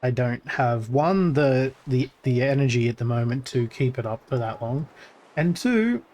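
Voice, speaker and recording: A man's voice: lively intonation, a little slow, a little mellow. Rambling male game streamer. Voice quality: voice gets crackly when pushed deep. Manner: rambling, thinks aloud with many fillers and restarts. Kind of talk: casual gameplay commentary.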